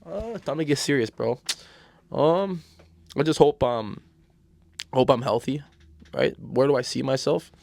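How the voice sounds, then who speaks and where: A man's voice: medium pitch, a little slow, gravelly, pauses often, darkish tone, no room sound. A man, a podcast guest telling stories in crude, slangy casual chat, tossing in "bro" constantly.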